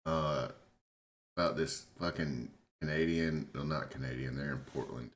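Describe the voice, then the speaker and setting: A man's voice: very deep voice, steady tone, normal speed. A tipsy man co-hosting a podcast, chatting casually in a rambling, laid-back way and swearing freely. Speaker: podcast co-host. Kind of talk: casual chat. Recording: roomy echo.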